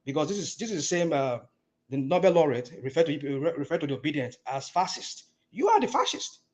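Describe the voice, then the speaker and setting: An indignant man argues in a heated political debate. He breaks in again and again, repeating words to hold the floor. His voice sits fairly high for a man. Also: quick pace, darkish tone. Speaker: caller in a political discussion.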